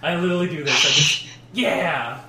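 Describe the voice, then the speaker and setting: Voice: medium pitch, moderate pace, reverberant, very noisy. A player in a tabletop game, dry and teasing. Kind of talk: casual tabletop role-play.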